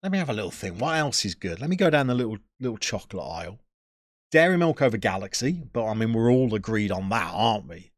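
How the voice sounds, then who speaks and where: A man streaming and bantering with his chat in a lively, bouncing voice. He sounds jokey and opinionated, and the sound is dry and close, with no room in it. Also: fairly low pitch, fast talker, no room sound. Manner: chatty, joking, opinionated banter. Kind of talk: casual chat answering live chat.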